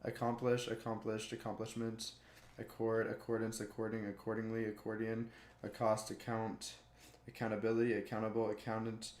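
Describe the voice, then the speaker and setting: Male YouTuber, flat delivery, rattles off a word list, slips and laughs, roomy sound. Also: on the low side, moderate pace. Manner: monotone word list with stumbles and chuckles. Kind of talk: reading dictionary words aloud.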